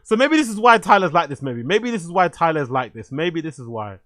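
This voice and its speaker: Animated man, slightly high voice. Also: fairly quick, no echo. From London. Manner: animated, swears freely, laughs often, repeats phrases. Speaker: streamer host. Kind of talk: casual live-stream commentary.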